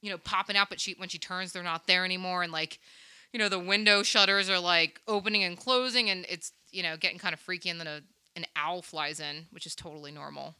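A woman's voice: on the low side, brisk, clear, resonant tone. A young woman hosting a podcast, chatting casually and animatedly as she retells a movie scene. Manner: chatty, animated retelling with quoted voices and laughs. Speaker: podcast host. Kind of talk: casual movie recap chat.

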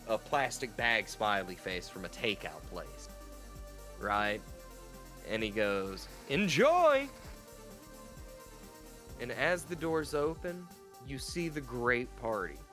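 A man narrating as game master of a tabletop role-playing game, in an animated, playful way. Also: mid-range voice.

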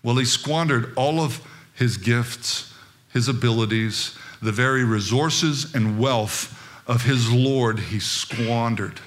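A man's voice: mid-range voice, takes it slowly. A middle-aged man preaching a sermon as pastor, emphatic and fervent.

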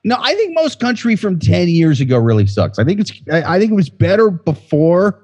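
A man co-hosting a casual podcast, crude and jokey, quick with comic bits. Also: high voice, wildly swooping pitch, a little mellow, husky. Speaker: podcast co-host.

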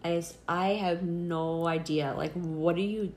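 A woman's voice: fairly low pitch, steady tone, measured pace, echoey room, background noise. A middle-aged woman telling a personal faith story in casual conversation. She is earnest and chatty, with many fillers, and acts out the voices she quotes. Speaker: interviewee.

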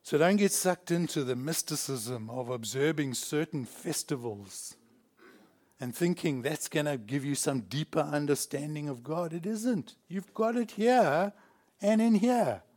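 A man's voice: a little high, expressive, measured pace, darkish tone. A man from South Africa preaching a sermon in a church, emphatic and chuckling between points. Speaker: pastor.

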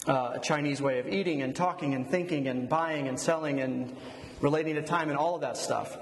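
A man preaching, leading a prayer and then telling a story in a relaxed, conversational way. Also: fairly high pitch, a little hiss or hum. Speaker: pastor. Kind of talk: sermon with storytelling. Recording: echoey hall, long reverb.

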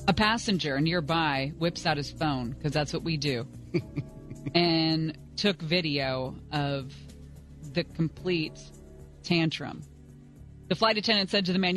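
A woman's voice: fairly low pitch, lively intonation, measured pace, a bit bright, soft background music. A woman from California co-hosting a talk radio show, telling stories in a chatty, giggly way. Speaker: radio co-host. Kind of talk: casual talk radio banter.

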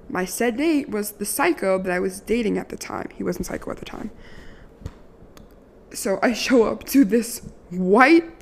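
Sassy, profane young woman from Maryland. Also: mid-range voice. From Maryland, USA. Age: 20s. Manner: candid, sassy, profane, lots of "like". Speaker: vlogger telling a story. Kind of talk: casual storytime monologue.

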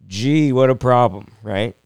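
A young man riffs through a loose, self-mocking comedy monologue, stumbling over restarts as he goes. His voice is smooth and clear, at an average pitch for a man. It sits dry and close to the mic. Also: measured pace, darkish tone, no echo. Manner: rambling, self-deprecating, jokey with frequent restarts. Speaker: comedian and podcast host. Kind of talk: casual solo podcast monologue.

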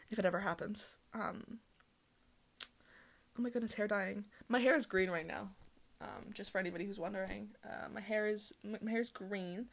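A young woman hosting a casual solo podcast, talking fast and rambling with lots of "like" and laughs. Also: mid-range voice, vocal fry, fairly bright tone. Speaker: podcast host.

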